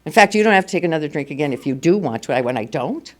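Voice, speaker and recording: A woman's voice: sits low, animated, rapid-fire. A woman in her seventies sharing her personal recovery story at a meeting, candid and wry, acting out the dialogue as she goes. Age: 70s. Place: meeting hall before a live audience.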